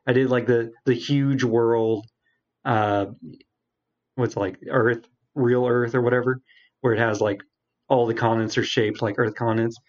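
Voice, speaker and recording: A man's voice: mid-range voice, fairly even intonation, moderate pace. A man co-hosting a casual gaming podcast, telling a long game story in a rambling way. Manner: rambling storyteller, acts out game characters in quotes. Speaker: podcast co-host. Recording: dull lo-fi sound.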